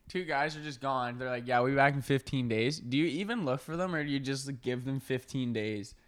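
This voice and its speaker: A man's voice: mid-range voice, normal speed. A young man co-hosting a podcast in casual chat, easygoing, laughing often and swearing casually. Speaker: podcast co-host.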